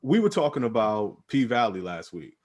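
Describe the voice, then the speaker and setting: A man's voice: medium pitch, moderate pace. Slangy, easygoing podcast co-host man. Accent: American. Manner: loose slangy banter, animated storytelling. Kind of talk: casual chat.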